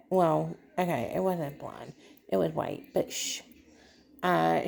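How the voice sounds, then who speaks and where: A woman talking to her viewers in a personal vlog, halting and emotional, holding back tears. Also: fairly low pitch, fairly even intonation, gravelly, a little mellow. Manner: halting, emotional, trying not to cry. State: tearful. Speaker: vlogger.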